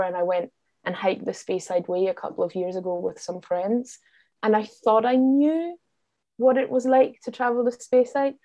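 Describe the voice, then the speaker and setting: A woman's voice: mid-range voice, warm tone, dry recording. A woman from Austria, a native German speaker, chatting in an interview as a podcast guest in a friendly, thoughtful way with small restarts. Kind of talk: casual interview chat.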